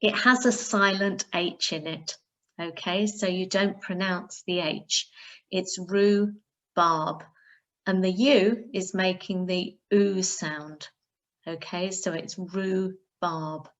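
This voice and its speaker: A woman primary school teacher, giving a recorded reading lesson, sounding out words slowly and carefully for pupils. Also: lowish voice, fairly even intonation, fairly bright tone.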